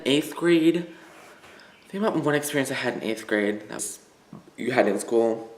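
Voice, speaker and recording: A man's voice: medium pitch, expressive, normal speed, noisy background. A teenage boy from the United States telling a rambling school story with lots of fillers. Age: teens. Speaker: vlogger. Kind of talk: casual story time. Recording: echoey room.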